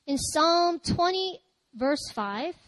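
A woman pastor preaches in a lively, chatty way, often laughing and bursting into loud cries. Her voice sits high, and the sound is dry and close to the mic, with no room around it. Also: takes it slowly, no echo, poor audio. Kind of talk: sermon.

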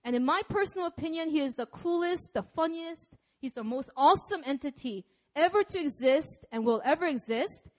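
A young woman delivers a sermon with a bright, high voice. She talks in a loose, conversational way and laughs easily between points. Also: expressive, brisk. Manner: casual and conversational, laughs often. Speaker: preacher.

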